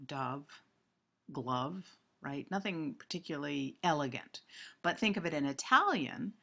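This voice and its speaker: A woman's voice: low-pitched, expressive, unhurried, vocal fry, sharp tone. A woman giving a recorded literature lecture, explaining step by step with frequent ums and self-corrections.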